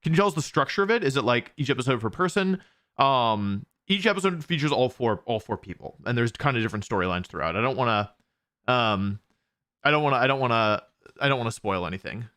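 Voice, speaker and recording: A man's voice: mid-range voice, expressive, fast, a bit bright. A young man hosting a live stream, chatting casually as he reads out viewer questions and answers them with lots of restarts. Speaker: streamer hosting a watch party.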